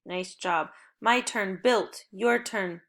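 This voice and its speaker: A young woman teacher leads a recorded phonics lesson for children. She speaks slowly in a medium pitch with a fairly bright tone, and her prompts are upbeat, encouraging, and clearly paced.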